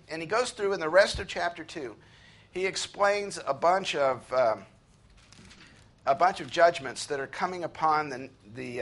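A man preaching an earnest sermon, slowing down and lifting his voice when he reads scripture aloud. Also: a little high, fairly bright tone. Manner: earnest preaching, slows and rises to read scripture. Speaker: pastor.

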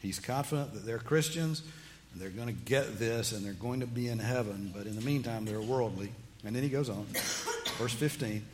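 A man's voice: mid-range voice, normal speed, a little hiss or hum. A man preaching a sermon, reading scripture aloud and explaining it with rising emphasis. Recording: long hall reverb, faint ambience.

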